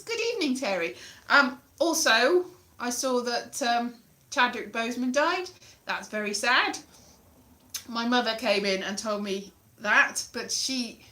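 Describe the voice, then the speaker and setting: A woman's voice: on the high side, sharp tone. A woman chatting casually on a livestream from her parents' living room, rambling and poking fun at herself as she greets viewers in the chat. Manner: rambling, self-deprecating, greets chat mid-sentence. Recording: roomy echo.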